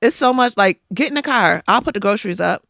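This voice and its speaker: A woman guest on a podcast, telling personal stories in a lively, emphatic way and acting out what others said. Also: mid-range voice, quick pace, vocal fry, no room sound, studio quality. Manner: animated, emphatic storytelling with acted-out quotes. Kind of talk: casual interview storytelling.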